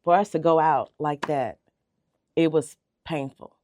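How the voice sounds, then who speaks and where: A woman's voice: sits low, steady tone, measured pace, darkish tone, no room sound. Earnest woman telling a heartfelt story. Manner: earnest, heartfelt, repeats words when moved. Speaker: bakery owner, interview guest. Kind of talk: emotional storytelling in a radio interview. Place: radio studio. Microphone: radio studio microphone.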